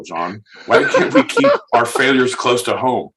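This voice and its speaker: A man's voice: mid-range voice, wildly swooping pitch, a little slow, sharp tone. A man co-hosting a comedy podcast, riffing in crude mock accents with rowdy, improvised banter. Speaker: podcast co-host. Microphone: podcast mic. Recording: echoey room with faint noise.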